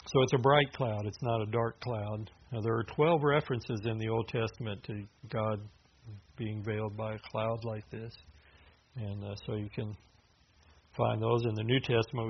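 A man's voice: flat delivery, normal speed, gravelly, husky. A man preaching a sermon in a loose, conversational way, with restarts and filler words as he explains scripture. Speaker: pastor. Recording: dull low-fidelity sound with faint hiss.

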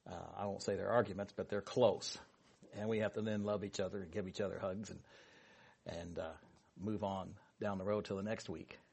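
A man's voice: deep voice, little pitch movement, a little fast, gravelly, darkish tone, slightly rough. A man leading a Bible study with a prayer, then teaching in a casual, rambling way with many asides and fillers.

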